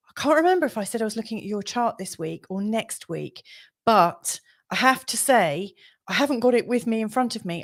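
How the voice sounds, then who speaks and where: Woman, middle-aged, astrology livestream host, chatty, lots of ums, apologetic. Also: a little high. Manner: chatty, apologetic, many ums, laughs often. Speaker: astrologer hosting a live reading show. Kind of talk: casual livestream chat.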